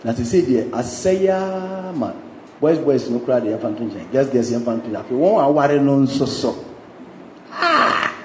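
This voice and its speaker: Laughing Ghanaian preacher in a roomy church. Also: male voice, mid-range voice, fast talker, few pauses, noisy background. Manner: playful, laughing, mixing English into his preaching. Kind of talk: sermon.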